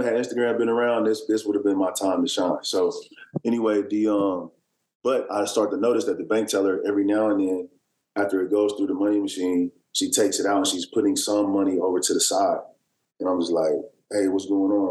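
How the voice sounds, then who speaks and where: A low-voiced man spins a loose, winding story as a podcast guest, leaning on fillers and false starts. His deep voice carries a roomy echo around it. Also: a little mellow. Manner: rambling, filler-heavy storytelling with many restarts. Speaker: guest, basketball player. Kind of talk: casual storytelling.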